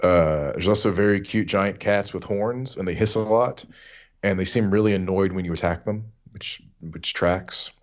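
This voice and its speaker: A man co-hosting a video game podcast, chatting casually with wry, deadpan humor. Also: on the low side, moderate pace. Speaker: podcast co-host. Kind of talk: casual chat.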